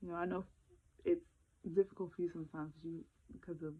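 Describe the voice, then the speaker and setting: A woman vlogging on her phone, crying and halting, with many fillers and soft laughs. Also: fairly low pitch, flat delivery, slightly rough. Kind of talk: emotional casual phone vlog. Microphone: handheld phone. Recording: phone-like lo-fi sound.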